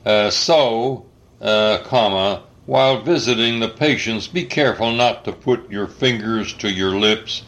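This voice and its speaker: An older man dictating an article slowly, saying the punctuation aloud, spelling out words, pausing often with uhs. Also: fairly low pitch, fairly bright tone. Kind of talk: slow dictation with spoken punctuation.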